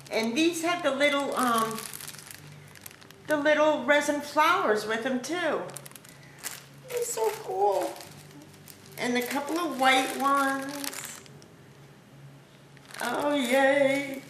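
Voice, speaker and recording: Slow, gushing woman in an echoey room. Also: high voice. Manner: gushing, excited, thankful. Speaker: craft vlogger opening happy mail. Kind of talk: casual unboxing chat. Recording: echoey room with background noise.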